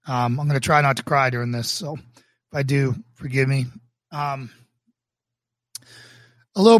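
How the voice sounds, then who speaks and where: A man from Boston, a pastor hosting his own livestream, talking earnestly and emotionally with halting restarts before moving into a sermon. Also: a little high, no echo, studio quality. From Boston, United States. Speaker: pastor and show host. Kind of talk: livestreamed casual talk leading into a sermon.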